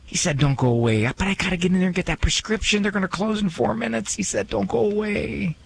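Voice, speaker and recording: A man voicing a flustered listener hurrying into a drugstore, speaking in a gravelly tone. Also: high-pitched, fast talker, a little hiss or hum, pitched above the performer's own voice.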